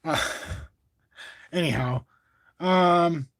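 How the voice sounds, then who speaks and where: A man hosting a livestream, rambling as he works through charts and swearing freely. His voice sits a little high for a man and is picked up close and dry, with no room sound. He corrects himself and drifts off topic as he goes. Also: very slow, a bit bright, dry recording. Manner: rambling, profane, self-correcting. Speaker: crypto livestream host. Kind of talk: casual livestream chart commentary.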